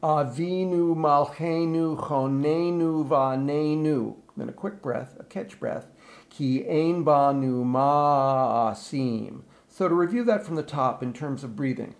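Slow, gravelly male choir director. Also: a little high, a little mellow. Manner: slow, deliberate, breaks off to sing the phrases. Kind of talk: spoken choir rehearsal instructions with sung demonstrations.

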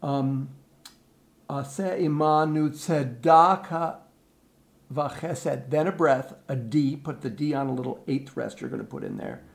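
A man leading a choir rehearsal from a recording, explaining breathing and diction slowly and singing short phrases to show them. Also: mid-range voice, gravelly, dark tone. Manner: slow, deliberate, breaks off to sing the phrases. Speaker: choir director. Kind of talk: spoken choir rehearsal instructions with sung demonstrations.

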